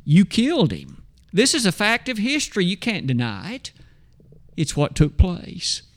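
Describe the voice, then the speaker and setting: A man preaching a sermon, emphatic, asking rhetorical questions and slowing down to stress scripture. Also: high voice, huge pitch swings, a bit bright.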